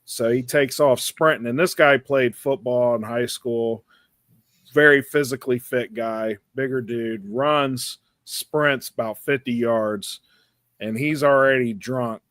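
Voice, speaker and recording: A man's voice: mid-range voice, slow, dry recording. Man telling a rambling crude story. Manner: rambling, animated anecdote with crude language. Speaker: podcast co-host. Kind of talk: casual storytelling chat.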